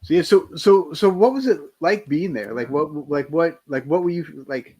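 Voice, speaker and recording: A man's voice: fairly high pitch, expressive, normal speed, a little mellow, slightly rough. A man chatting as a guest on a film commentary, enthusiastic and joking, often restarting his sentences. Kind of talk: casual commentary chat.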